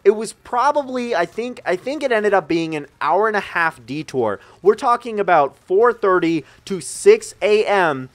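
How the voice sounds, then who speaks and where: Animated young man telling a wild story. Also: high-pitched, normal speed, few pauses. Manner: animated, profane, rambling with asides to viewers. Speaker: gaming channel storyteller. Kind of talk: casual storytime over gameplay.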